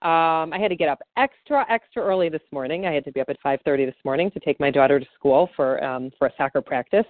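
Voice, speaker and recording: On tinny, phone-like call audio with no room sound, a woman practitioner leads a tapping session and chats easily, using lots of fillers. Her voice is deep, and she talks quickly with few pauses.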